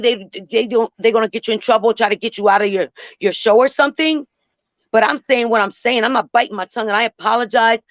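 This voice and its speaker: A woman's voice: on the high side, a bit bright, dry recording, highs cut off. A woman calling into a live stream, speaking bluntly, cursing and repeating herself. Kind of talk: emotional call-in rant.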